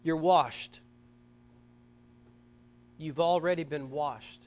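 Preacher man, middle-aged, high voice, animated, emphatic, slow scripture reading. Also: a little hiss or hum. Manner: animated storytelling, emphatic bursts, reads scripture slowly. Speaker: pastor. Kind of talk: sermon.

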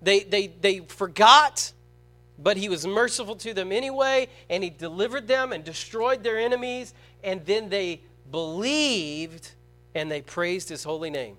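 A high-pitched male preacher delivering a sermon to his congregation. He punches key words loudly, then drops to a hushed, slow tone whenever he reads scripture. He often turns to the crowd with rhetorical questions. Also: expressive. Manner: swings from loud emphatic stress to quiet, slow scripture reading.

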